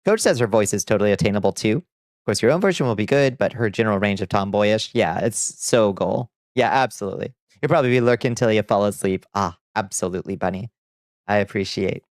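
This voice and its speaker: Casual streamer, man, mid-pitched and smooth, close dry mic, chatty with frequent laughs. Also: a little fast, no room sound. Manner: chatty, laughs often, reads out chat. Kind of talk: casual livestream chat.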